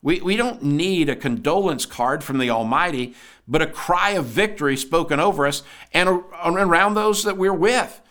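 Male podcast preacher, earnest and emphatic, slightly higher voice, devotional sermon read. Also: expressive, normal speed, fairly bright tone. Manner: earnest, asks listeners rhetorical questions.

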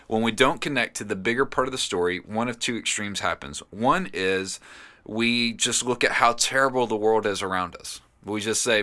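A middle-aged man, a pastor hosting a podcast, delivering an earnest, encouraging devotional sermon with animated storytelling. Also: on the low side.

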